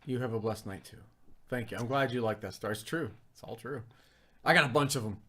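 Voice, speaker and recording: Young adult male co-host, casual rambling livestream talk, mid-pitched and self-deprecating. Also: brisk, sharp tone. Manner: rambling, self-deprecating storytelling with many fillers. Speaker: co-host of a food review livestream. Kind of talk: casual live-stream chat.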